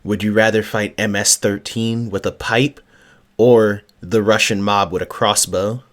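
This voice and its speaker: A man with a fairly low voice hosts a casual podcast. He reads out questions and answers briefly in a dry, matter-of-fact way. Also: fairly even intonation, a little slow. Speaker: podcast host.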